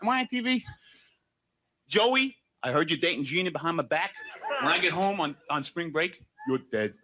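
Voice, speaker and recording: A man's voice: a little high, lively intonation, moderate pace, pushed and bright, a little hiss or hum. A man playing a brash Brooklyn college football tough guy who boasts and makes threats, on an old comedy record. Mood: cocky. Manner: boastful, threatening, laughs between lines.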